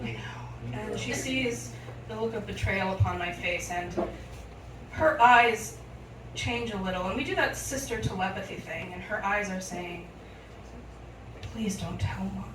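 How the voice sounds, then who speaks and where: A young adult woman telling a funny story live on a club stage, animated and often laughing as she acts out voices. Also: mid-range voice, moderate pace, noisy background. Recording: echoey room, from far off, audible ambience.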